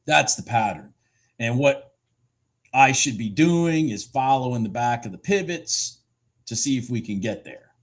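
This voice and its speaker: A husky-voiced man talks through his trades live from his desk, his pitch swinging widely as he gets excited. He swears casually and mutters to himself between remarks to viewers. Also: measured pace. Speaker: futures trader streaming live. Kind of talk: live trading commentary.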